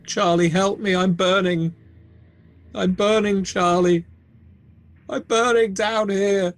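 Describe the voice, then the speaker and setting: A man's voice: mid-range voice, slow pace, mellow, faint music behind, voice pushed up. A man voicing a gelatinous monster that mimics a dead woman's voice, pleading and menacing by turns.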